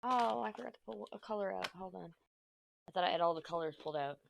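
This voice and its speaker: Speaking quickly in a low-ish voice with vocal fry, a Texas woman in her thirties chats as she crafts for her vlog. Her accent is part Texan, part New York, and she's chatty, rambling, and casually profane. Her desk mic picks up a little hiss or hum.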